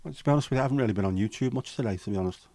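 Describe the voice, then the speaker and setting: Speaking rapid-fire in a warm, mid-range voice, a middle-aged livestream host reads out comments from viewers and gives blunt, profanity-laced replies. The recording is dry, with no room sound.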